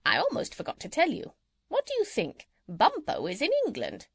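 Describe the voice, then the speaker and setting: A woman's voice: a little high, moderate pace, slightly rough, no echo, exaggerated voice. A woman reading an audiobook and voicing a chatty, gossipy female parrot. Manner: lively, chattering storytelling. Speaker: audiobook reader. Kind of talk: children's audiobook character reading.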